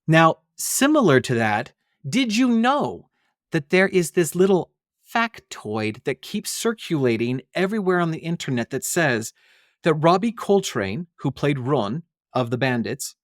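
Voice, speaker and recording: A man's voice: on the high side, big pitch swings, unhurried, dry recording, studio quality. Enthusiastic man hosting a trivia podcast. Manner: enthusiastic, emphatic, with dramatic "did you know" openers. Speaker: podcast host. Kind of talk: solo podcast of film trivia.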